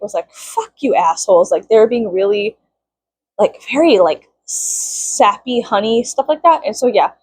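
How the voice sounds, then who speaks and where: A woman in her thirties ranting casually to camera, profane and sarcastic, sometimes pitching up into high mocking tones. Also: darkish tone, no room sound, low-quality recording. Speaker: vlogger. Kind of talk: casual venting rant to camera.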